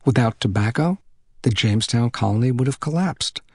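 A man narrating an audiobook in an even, unhurried storytelling manner. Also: medium pitch, husky, no echo, studio quality.

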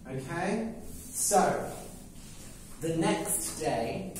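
A male teacher tells an easy story at a very slow pace, with a slightly raised voice. He keeps repeating key words and checking in with his listeners. His voice echoes heavily, heard from away from the mic, over a faint background hum. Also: fairly high pitch, expressive, darkish tone. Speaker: English teacher. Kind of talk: slow story-telling lesson. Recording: echoey room, mic at a distance.

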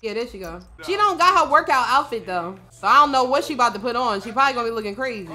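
A woman's voice: fairly high pitch, expressive, fast, sharp tone. A woman streamer giving casual, profane let's-play commentary, often laughing and talking for her character in the first person. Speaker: gaming streamer.

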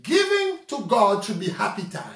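A man from Saint Lucia with a Saint Lucian accent, preaching a lively, conversational sermon full of rhetorical questions. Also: sits high, normal speed, creaky, far from the mic. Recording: roomy sound from off mic.

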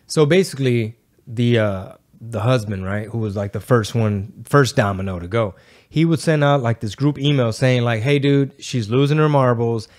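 A man's voice: medium pitch, normal speed. A man, co-hosting a podcast in casual, slangy chat and acting out quotes. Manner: slangy, animated storytelling with put-on quotes. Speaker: podcast co-host.

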